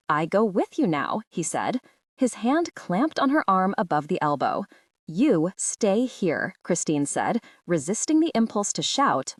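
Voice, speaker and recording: Expressive woman narrating a literary audiobook. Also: on the low side, dry recording, clean studio sound.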